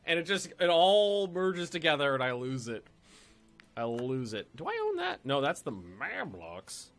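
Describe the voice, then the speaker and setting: A man's voice: on the high side, wildly swooping pitch, a little slow, fairly bright tone. A man casually commenting as he plays a strategy game on stream, chatty and playful, swearing and repeating himself as he thinks. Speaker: let's play streamer.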